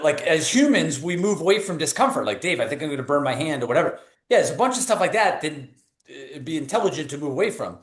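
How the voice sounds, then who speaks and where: A man's voice: a little high, echoey room. A man in his thirties with a New England accent, a performance coach giving a motivational talk full of stories and casual fillers. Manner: energetic storytelling, casual fillers.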